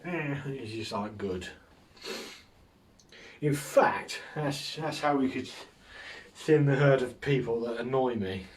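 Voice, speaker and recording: A man's voice: medium pitch, measured pace, pauses often, far from the mic. A man hosting a casual solo podcast, rambling through jokes with a self-mocking humour and frequent chuckles. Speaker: podcast host.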